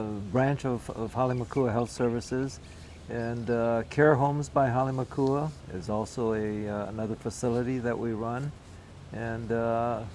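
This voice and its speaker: A man's voice: medium pitch, darkish tone, slight background noise, poor audio. An older man co-hosting a local show, speaking plainly with many hesitant fillers. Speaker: co-host, real estate agent. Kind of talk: casual promotional chat.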